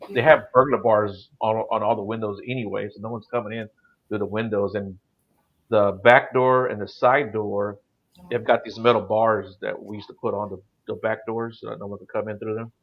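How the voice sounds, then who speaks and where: A man's voice: lowish voice, steady tone, moderate pace, highs cut off. A middle-aged man telling his paranormal experiences in a casual, rambling way, full of "you know" and "like". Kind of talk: casual storytelling on a call-in show.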